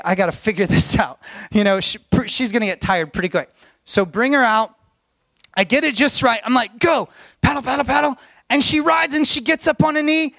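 Bright, high-voiced man preaching a story. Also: no echo. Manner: animated, shouts in excitement. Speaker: pastor. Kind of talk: sermon storytelling.

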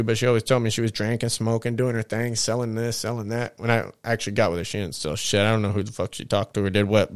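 A man's voice: medium pitch, clear, resonant tone, no room sound, studio quality. A man telling a rambling, profane story in a casual, laid-back way. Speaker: podcast storyteller.

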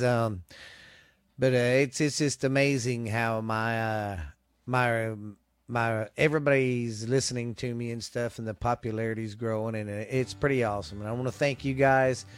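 A man with a Southern US accent, rambling excitedly through a casual podcast sign-off, with hiccups. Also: medium pitch. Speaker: podcast host.

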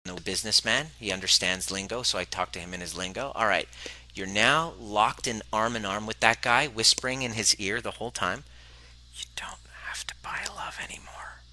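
A man's voice: on the low side, sharp tone. A man hosting a podcast, earnestly telling a coaching story and acting out his client's lines. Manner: earnest, acts out client dialogue. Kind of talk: personal storytelling monologue.

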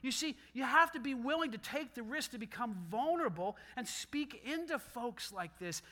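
A middle-aged male pastor preaching a sermon, telling stories and acting out quoted voices. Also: sits high. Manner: animated storytelling with quoted voices.

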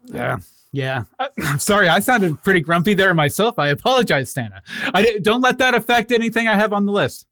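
A male interviewer with a high voice, recorded close and dry. He asks easygoing questions in a casual, joking way and laughs along with his guest. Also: expressive, brisk, bright, forceful tone, no echo. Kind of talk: casual chat.

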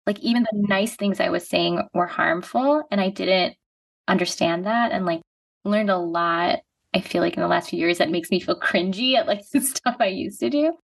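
A woman's voice: on the low side, normal speed, gravelly. A woman in her thirties from the United States, a podcast guest talking casually and reflectively with lots of "like". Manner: reflective, heavy use of "like". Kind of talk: casual conversation. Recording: voice a bit distant from the mic.

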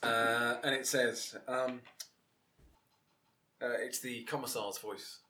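A man's voice: medium pitch, slow. A man narrating as game master of a tabletop role-playing game. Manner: animated, swings into loud character voices.

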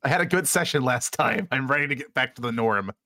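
Animated man playing a tabletop game. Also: mid-range voice, fast talker, no room sound, clean studio sound. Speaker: player. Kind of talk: casual tabletop play.

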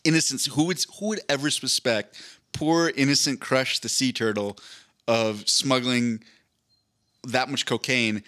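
Podcast host, male, loose rambling joker who swears freely; bright, forceful voice. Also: medium pitch, measured pace. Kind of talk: casual chat.

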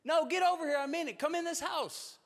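A man voicing his wife, insistently shouting at neighbors to come inside. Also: brisk, gravelly, heavily acted. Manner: shouting, insistent, high-pitched. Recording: long hall reverb.

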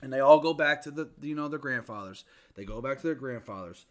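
A man in a casual chat, excitedly retelling movie scenes and acting out the lines. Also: medium pitch, quick pace. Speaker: movie reviewer.

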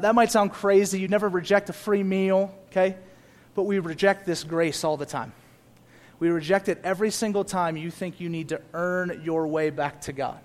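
A young man preaching a sermon with a fairly high voice. He drops to quiet, almost conversational asides, then builds to loud, emphatic repeated phrases for the congregation. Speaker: pastor.

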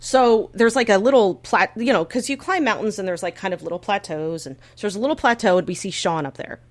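Young woman podcast host, animated storyteller, squeals and fillers. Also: mid-range voice, a little fast. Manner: animated storyteller, acts out her own panic with squeals; frequent filler words, restarts. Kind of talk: casual chat.

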